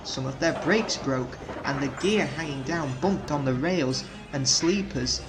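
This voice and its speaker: A man reading a children's storybook aloud in a measured, plain narrating voice. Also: medium pitch, over music. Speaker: storybook reader.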